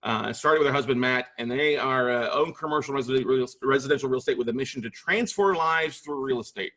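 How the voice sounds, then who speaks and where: A man's voice: mid-range voice, fairly quick, bright, forceful tone. A man hosting a podcast interview, enthusiastic and chatty, with lots of "uh" and "you guys". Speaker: podcast host.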